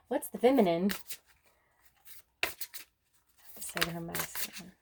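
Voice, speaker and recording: A woman talks through a tarot spread in a slow, drawn-out way, thinking aloud as she goes. Her pitch sits at an ordinary middle height, and she often lets out soft little laughs. A faint hiss of noise runs under her voice. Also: lively intonation, vocal fry. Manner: unhurried and musing, with frequent soft laughs. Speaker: tarot card reader. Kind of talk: casual spoken tarot reading.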